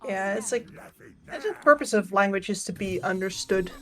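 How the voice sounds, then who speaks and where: A woman providing laid-back color commentary for an esports broadcast. She speaks at a medium pitch and drops playful, chatty asides between her breakdowns of the plays. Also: moderate pace, a bit bright. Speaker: esports analyst caster.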